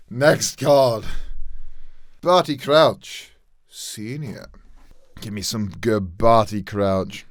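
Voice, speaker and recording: A man chatting through his own impressions and teasing himself with quick laughing asides. He speaks slowly, and his voice rises and falls a lot. The sound is dry and close. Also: lowish voice, very animated, dry recording. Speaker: comedy video host. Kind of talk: casual impressions video.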